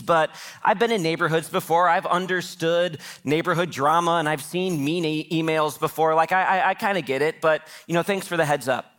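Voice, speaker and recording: During a church sermon, a pastor tells a personal story and voices the people in it himself. His voice is fairly high and a bit bright, and he speaks briskly.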